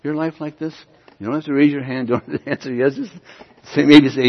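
A male pastor delivers an emphatic sermon, pressing his listeners with questions and swelling to loud, forceful peaks. His voice rings through a large hall with long reverb, captured on a dull, muffled recording. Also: mid-range voice, steady tone, fairly quick.

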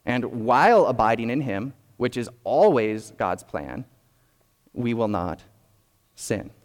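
A man's voice: medium pitch, lively intonation. Man preaching in a reverberant hall. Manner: measured, explanatory, with frequent restarts. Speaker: pastor. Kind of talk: sermon.

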